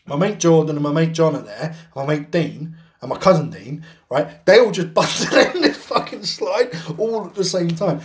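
A man's voice: fairly high pitch, animated, normal speed, few pauses, slight background noise. A man co-hosting a podcast, telling a rambling anecdote in casual chat, swearing constantly and laughing as he goes. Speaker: podcast co-host.

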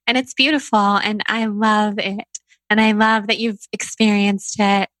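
A woman hosting a podcast in casual interview chat, effusive and quick to gush praise. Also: mid-range voice, flat delivery, fairly bright tone, dry recording. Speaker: podcast host.

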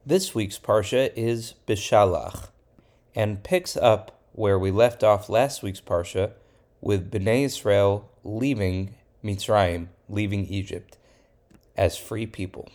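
A man, a rabbi, retelling a Bible story for children in a lively, playful way. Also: lowish voice, takes it slowly. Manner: lively storyteller, plays characters in quotes.

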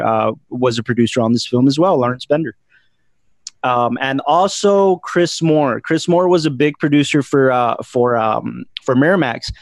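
A man with a mid-range voice hosts a film podcast, recorded with no room sound. He talks casually and rambles, filling his speech with fillers and restarts.

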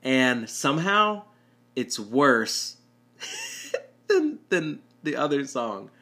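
Bright-voiced young man telling a story. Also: mid-range voice, huge pitch swings, drawn-out words. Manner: rambling, self-deprecating, nervous laughs. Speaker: rideshare driver. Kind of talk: storytelling monologue.

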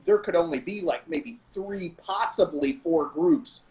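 A man, a jiu-jitsu black belt guest on a podcast, casually telling animated stories from his early training. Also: a little high, a little slow, rough recording. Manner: animated, laughing reminiscence. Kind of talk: casual storytelling.

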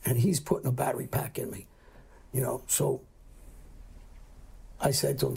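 Gravelly blunt New man. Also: medium pitch, moderate pace, long pauses, warm tone. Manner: blunt, profane, acts out quoted lines. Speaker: guest telling a crime story. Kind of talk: casual storytelling.

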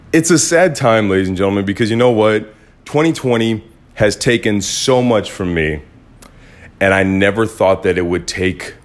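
A man hosting his own podcast, talking in a blunt, casual monologue with some swearing. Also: low-pitched. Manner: blunt, swears, animated when quoting others. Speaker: podcast host. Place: Los Angeles.

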